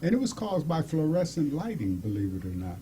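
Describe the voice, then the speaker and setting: A middle-aged man tells a long personal story in a casual way, his pitch rising and falling a great deal. He acts out the people in the story and laughs often. His voice sits a little high for a man, with a faint hiss of background noise. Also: wildly swooping pitch, fairly quick, dark tone. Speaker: guest telling a personal story.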